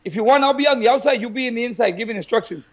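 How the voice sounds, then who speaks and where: A man who trains boxers, telling stories in a lively way in a casual chat, often restarting his sentences. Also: extremely high pitch, very fast, lo-fi sound. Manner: animated, tells stories with repeats and restarts. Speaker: boxing trainer.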